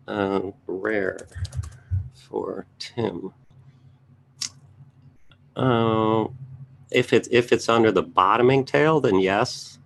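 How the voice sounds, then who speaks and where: A man with a low, gravelly voice talks offhandedly through option trades, thinking aloud and tossing quick asides to viewers. A faint hum sits under the recording. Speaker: trading educator reviewing charts. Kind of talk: casual live market commentary.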